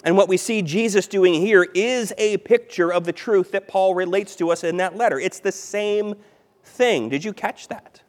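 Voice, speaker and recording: A man preaching a sermon as pastor, emphatic, repeating key phrases and swinging between loud stress and quiet. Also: high voice, moderate pace.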